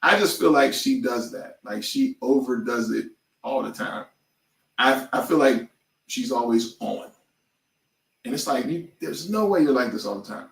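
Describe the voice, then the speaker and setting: A man co-hosting a podcast in casual chat, animated and prone to loud outbursts and impressions. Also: medium pitch, moderate pace, creaky, echoey room, recorded from a distance. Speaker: podcast co-host.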